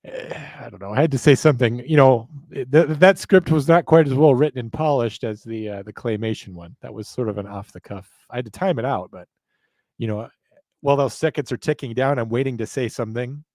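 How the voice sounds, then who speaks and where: A man's voice: medium pitch, a little fast, darkish tone, dry recording. Rambling, self-mocking male host. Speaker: show host. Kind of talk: casual live chat.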